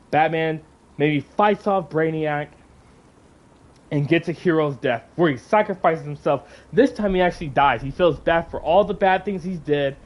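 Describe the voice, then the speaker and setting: A man with a fairly high voice rants angrily on his own livestream. He swears freely and breaks off into heavy, exasperated sighs. His delivery is raw and heated. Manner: angry, profane ranting with heavy sighs. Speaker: channel host. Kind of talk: livestream rant.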